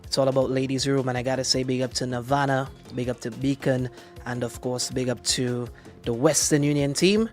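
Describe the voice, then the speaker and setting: A man hosting a morning radio show, bantering in a playful, animated way. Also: mid-range voice, fairly quick, faint music behind. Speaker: radio DJ and host.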